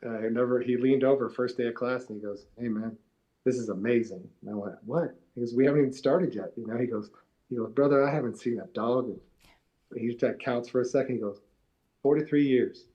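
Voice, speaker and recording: A man talks as a guest on a live community talk show, his voice warm and mellow. He tells his stories in an earnest way. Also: medium pitch, a little fast, muffled recording. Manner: earnest storytelling. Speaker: guest speaker, prison recovery mentor.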